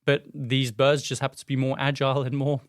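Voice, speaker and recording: Man, podcast host, animated storyteller, mid pitch, dry close sound. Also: a little fast, dry recording. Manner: animated, chatty, frequent fillers. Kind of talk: casual storytelling chat.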